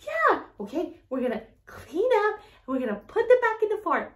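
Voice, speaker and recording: Very high, sing-song toddler teacher woman. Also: wildly swooping pitch, moderate pace, roomy sound. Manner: sing-song, exaggerated praise and gasps of wonder. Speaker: toddler teacher and show host. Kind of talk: toddler learning video.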